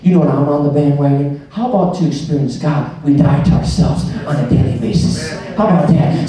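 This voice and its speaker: A man preaching a sermon, acting out dialogues and swinging from hushed asides to shouts. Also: fairly high pitch, fairly quick, few pauses, very echoey, far from the mic, soft background music, low-quality recording. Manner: dramatic, acts out dialogues, swings from soft to shouting.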